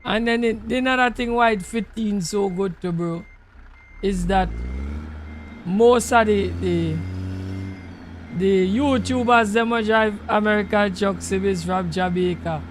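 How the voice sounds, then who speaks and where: A high-pitched man with a Trinidadian accent chats loosely in creole-flavored English. He comments on his gameplay in a relaxed, conversational way, with a faint hum of noise behind him. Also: unhurried. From Trinidad and Tobago. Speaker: gaming channel host.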